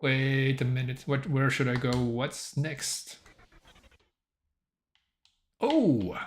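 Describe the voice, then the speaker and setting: A man's voice: mid-range voice, takes it slowly, slight background noise. A French-accented man with a slightly sore throat, chatting in a rambling, self-amused way while streaming as a solo game developer. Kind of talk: casual livestream chat.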